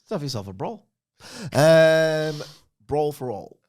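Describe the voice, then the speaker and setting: Male co-host, lowish voice, dry offhand chat. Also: normal speed. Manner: wry, offhand remarks and dry jokes. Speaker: podcast co-host. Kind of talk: casual chat.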